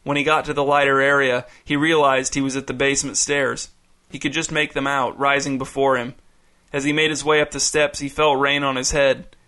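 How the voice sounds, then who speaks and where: A man narrating a story in a measured, even audiobook style. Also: mid-range voice.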